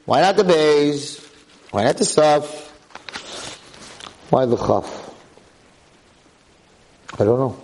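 A man teaching a lively Torah class to a live audience as a rabbi, telling the story with energy and firing off rhetorical questions. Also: a little high, takes it slowly, pauses often, slight background noise, poor audio.

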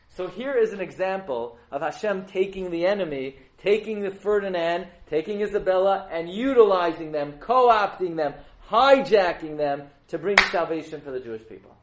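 A man giving a storytelling sermon to a live audience, animated and jokey, often putting questions to the listeners. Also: a little high, normal speed, rough recording.

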